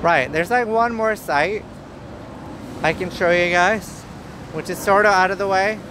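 Goofy Northern Irish streamer outdoors. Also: male voice, sits high, measured pace. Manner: chatty, goofy, rambling. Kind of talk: casual outdoor live stream. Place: outdoors on busy city streets. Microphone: handheld camera filming himself. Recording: street traffic noise behind.

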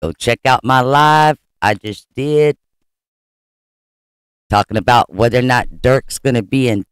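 A man commenting casually in a clip from another channel, speaking slowly and deliberately. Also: mid-range voice, clear, resonant tone, no room sound.

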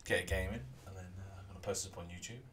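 A man's voice: low voice, rapid-fire, slight background noise. A man casually talking through a rugby video game on his stream, rambling and humming to himself. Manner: relaxed, rambling, hums to himself. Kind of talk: casual gameplay commentary.

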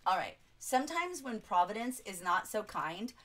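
A woman's voice: mid-range voice, big pitch swings, moderate pace, fairly bright tone. Enthusiastic woman teaching a literature livestream. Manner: enthusiastic, chatty, reads quotes aloud and reacts to chat. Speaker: English teacher.

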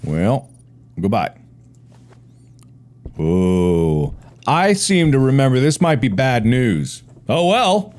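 A man's voice: medium pitch, big pitch swings, takes it slowly, pauses often, a little mellow. A man playing a horror game alone, teasing and taunting an unseen ghost with sudden yelps. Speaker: game streamer.

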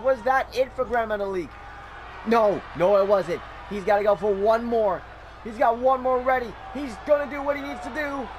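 A man hosting a channel and giving excited play-by-play commentary of a wrestling video game, often shouting. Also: high voice, moderate pace. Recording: game crowd noise behind. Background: game crowd noise.

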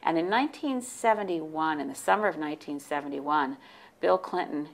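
A deep-voiced woman in her sixties, originally from the United States, tells lively anecdotes as an interview guest at normal speed. It's casual storytelling, and she often restarts her sentences.

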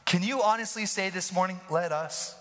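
A man preaching a lively sermon, playful and animated, who often asks the congregation questions. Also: high-pitched, normal speed. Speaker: pastor. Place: church hall. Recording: live in a reverberant hall.

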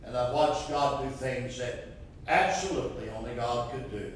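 A man's voice: mid-range voice, fairly even intonation, moderate pace, slight background noise. A man preaching a sermon, fervent and rising to impassioned cries, recorded from a distance in a church sanctuary. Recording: roomy echo from far off.

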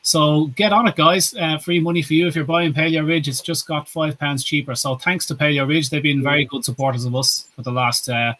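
A man's voice: a little high, fairly even intonation, a little fast, hardly any pauses, bright, forceful tone. A man co-hosting a casual podcast chat, rambling and restarting as he talks, also reading out a sponsor notice. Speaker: podcast co-host.

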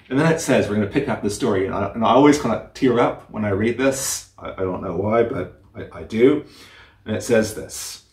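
A man giving an earnest, heartfelt sermon, with halting restarts and a story read aloud. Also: on the low side, darkish tone. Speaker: preacher. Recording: roomy, distant mic.

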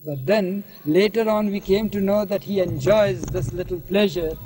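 A man with a high voice recalls old stories in an archival interview from 1971. He talks at a leisurely pace and keeps adding "you see" as he goes. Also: normal speed, mellow, husky, rough recording. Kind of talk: anecdotal storytelling interview.

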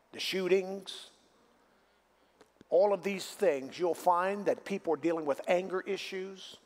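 A male pastor preaching a sermon, asking the congregation for responses and building to emphatic repeated declarations. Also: a little high. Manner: preaching with call-and-response questions. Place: church sanctuary.

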